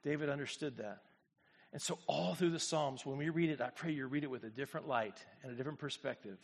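A man preaching a sermon as pastor, swinging from quiet, low reflection to loud, fervent exclamation and calling on the congregation to respond. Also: quick pace, gravelly, breathy edge. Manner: speaks to the congregation directly, asks for responses.

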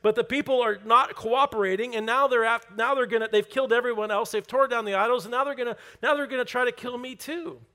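A man's voice: medium pitch, fairly quick, hardly any pauses, lightly acted. A man voicing a frustrated, despairing male prophet who stammers out his complaints. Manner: pleading, exasperated, stammering complaints.

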